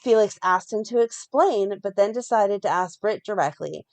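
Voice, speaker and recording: A woman co-hosting a fan podcast, reading a plot recap in a steady run and breaking off now and then to comment. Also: mid-range voice, moderate pace. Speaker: podcast co-host recapping a soap.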